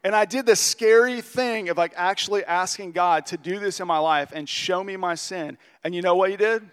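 A man's voice: sits high, fairly bright tone, clean tone. Earnest man preaching a conversational sermon. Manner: earnest, confessional storytelling, slows for emphasis. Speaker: pastor.

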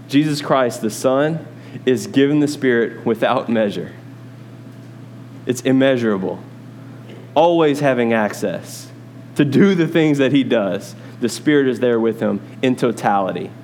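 A man's voice: mid-range voice, lively intonation, a little slow, darkish tone, a little hiss or hum. Man preaching a casual Bible sermon. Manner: teaching Bible study, conversational asides to congregation. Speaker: pastor.

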